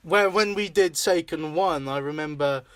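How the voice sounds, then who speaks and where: A man's voice: on the high side, normal speed, a bit bright, clean tone, no echo. A young Scottish man hosting a casual chat, rambling with fillers, swearing and laughing often. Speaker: podcast host and filmmaker.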